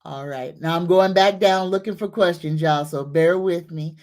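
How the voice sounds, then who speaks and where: A woman hosting a psychic livestream, greeting viewers, reading comments and leading affirmations. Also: lowish voice. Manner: greets viewers warmly, leads slow repeated affirmations.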